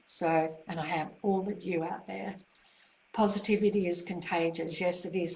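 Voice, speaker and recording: A woman's voice: on the low side, moderate pace, a little mellow, roomy sound, a little hiss or hum, rough recording. A woman author answering viewer questions in a live online session, reassuring and encouraging. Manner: reassuring and encouraging, gushing over viewer greetings. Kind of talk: live online Q&A, casual talk.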